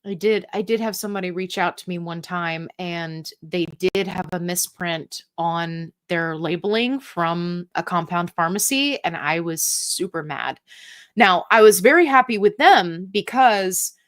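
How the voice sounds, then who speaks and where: A woman's voice: on the low side, unhurried. A woman hosting a live question-and-answer stream, reading viewer comments and answering in a chatty, upbeat way with playful asides.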